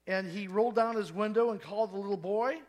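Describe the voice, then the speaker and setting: High-voiced male preacher telling stories. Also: fast talker, darkish tone. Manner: storytelling, acts out voices and quotes. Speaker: pastor. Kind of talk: sermon.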